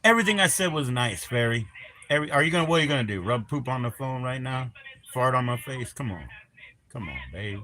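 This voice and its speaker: A man's voice: mid-range voice, lively intonation, a little fast, a bit bright. A man hosting a live stream, chatting in a crude, rambling, teasing way and swearing constantly. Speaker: livestream host.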